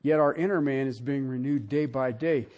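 A middle-aged male pastor preaching a sermon, swinging from soft asides to shouted emphasis. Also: mid-range voice, normal speed, lo-fi sound.

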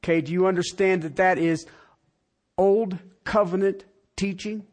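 A man preaching a sermon, asking the congregation direct questions and swinging from loud emphatic lines to quiet ones. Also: high-pitched, steady tone, measured pace. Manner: talks straight to the congregation with rhetorical questions. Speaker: pastor.

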